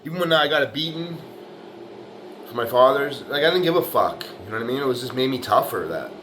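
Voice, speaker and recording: A man's voice: medium pitch, expressive, fast talker, fairly bright tone, a little hiss or hum. Blunt, profane middle-aged man. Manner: profane, blunt, tough-talking; peppers speech with "you know" and "right". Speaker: bricklayer vlogger. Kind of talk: rambling motivational monologue.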